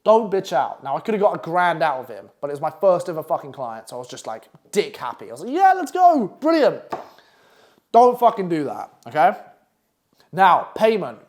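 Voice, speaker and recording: A young man gives a casual, unscripted masterclass on copywriting, crude and blunt, swearing constantly with a swaggering edge. His expressive pitch swings widely as he acts out clients in quick asides, like profane coaching talk.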